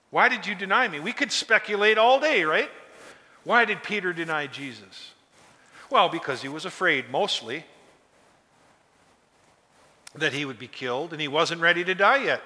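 A man delivers a sermon in a high, strikingly bright and cutting voice. He drives his points home with emphatic, repeated exhortations. His words ring out with a long reverb in a large church hall. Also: expressive, moderate pace, pauses often. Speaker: preacher.

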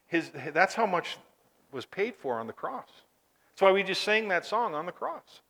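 A male preacher in the middle of a sermon, his voice pitched high and ringing bright. He presses his points with rhetorical questions, swinging from loud emphasis down to a near hush. The church around him carries a long, echoing reverb.

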